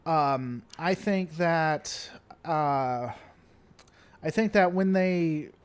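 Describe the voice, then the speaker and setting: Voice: medium pitch, very slow, clear, resonant tone. This is a livestream host in casual chat, answering viewers from the comments. The delivery is playful and theatrical, full of repeated stalling phrases.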